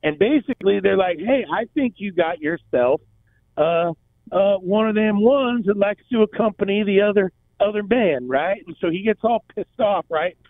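Radio co-host, man, retells comedy bits with lively voices, thin phone-like sound. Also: high-pitched, normal speed, no echo. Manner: animated storyteller, acts out quotes. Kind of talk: casual radio talk. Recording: tinny phone-like band, dry.

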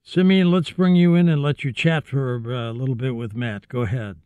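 A man's voice: medium pitch, steady tone, moderate pace, clear, resonant tone, dry recording, narrow, tinny audio. A man hosting an interview, asking his guests direct questions. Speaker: host.

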